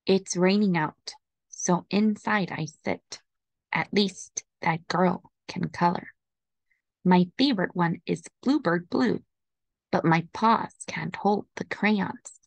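A woman voicing a moody, pampered house cat in a slow storybook reading. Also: on the low side, creaky, no room sound, full character voice. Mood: gentle. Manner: slow, gentle read-aloud delivery.

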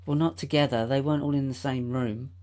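A man's voice: medium pitch, steady tone, brisk, warm tone, a little hiss or hum. A man co-hosting a podcast, laid-back and giggly with dry asides. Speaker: podcast co-host. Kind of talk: casual banter.

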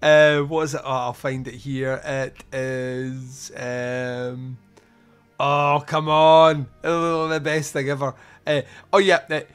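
A man hosting a podcast, reviewing a film in casual chat, animated, swearing freely and laughing often. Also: medium pitch, slow pace, smooth, faint music behind. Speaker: podcast host.

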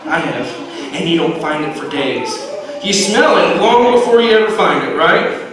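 A man teaching a lively Bible lesson to a room of children, repeating himself and calling them to order. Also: a little high, normal speed, a crowd in the background. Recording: echoey room, far from mic, noisy.

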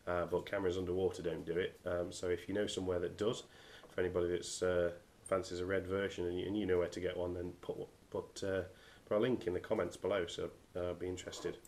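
A man's voice: deep voice, flat delivery, fast talker, hardly any pauses, darkish tone, slight background noise. A man from the UK with a nasal voice from a cold, reviewing diving gear in a casual, hesitant way with lots of ums. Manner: hesitant, many ums and restarts.

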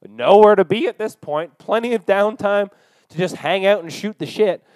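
A young man hosting a podcast, telling a long profane story in a casual, animated way and acting out the dialogue. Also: high-pitched, normal speed, no room sound, rough recording. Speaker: podcast host.

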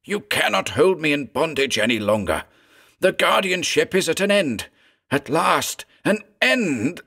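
A man's voice: medium pitch, lively intonation, a little slow, vocal fry, husky, pitched above the performer's own voice, full character voice. A man voicing a fevered, terrified male heir who raves wildly, then falls faint and broken. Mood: frantic raving.

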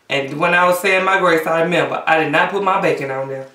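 Recorded in an echoey room a bit far from the mic, a woman hosts a casual mukbang, chatting and humming over her food between bites. Her voice is deep and sharp-toned, and she speaks quickly with few pauses.

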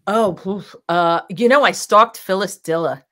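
A woman's voice: medium pitch, measured pace, fairly bright tone. A woman guest telling rambling, filler-heavy anecdotes with frequent laughter in a casual interview. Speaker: guest, drag king performer.

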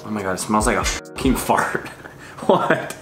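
A young man co-hosting a casual vlog, rowdy and loud, swearing and laughing a lot between bursts of outrage. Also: on the low side, lively intonation, normal speed. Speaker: co-host. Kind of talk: casual vlog chat while taste-testing. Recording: roomy sound with music underneath.

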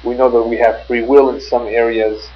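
A man, a rabbi, giving a religious lecture in a measured, phrase-by-phrase storytelling manner. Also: mid-range voice, flat delivery. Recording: muffled lo-fi tape with faint mains hum.

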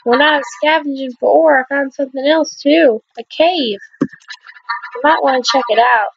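A woman's voice: sits high, normal speed, no room sound, dull audio, pitched above the performer's own voice, natural voice. A woman voicing a friendly young woman who gives helpful advice in a video game.

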